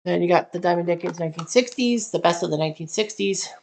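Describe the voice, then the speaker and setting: Woman host, low gravelly voice, loose thinking-aloud explainer who stops to correct herself. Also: fast. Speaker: channel host. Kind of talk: casual walkthrough of a simulated sports tournament.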